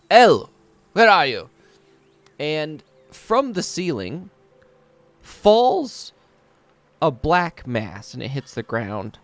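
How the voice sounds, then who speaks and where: Casual male game master, loose and chatty. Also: medium pitch. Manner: casual, laughing, full of fillers. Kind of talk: narrating a tabletop game.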